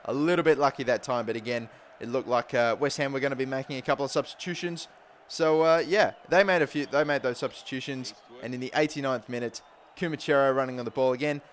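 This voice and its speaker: A young man giving casual, rambling let's-play commentary on a football video game, getting excited during the action. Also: mid-range voice, fast, slight background noise. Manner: rambling, repeats "but still" and "to be completely honest"; gets excited calling match action. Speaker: gaming YouTuber.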